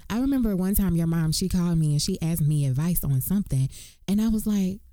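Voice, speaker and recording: A woman's voice: lowish voice, expressive, brisk, dark tone, no room sound, studio quality. A woman co-hosting a podcast in casual chat, reflective and affirming. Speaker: podcast co-host.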